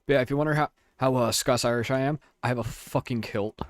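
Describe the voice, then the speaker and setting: A man with an everyday mid-pitched voice throws out brash, heavily profane banter while gaming with friends. The sound is dry and close. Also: fairly even intonation, fast, no echo. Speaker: gamer on a livestream. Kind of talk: casual gaming chat.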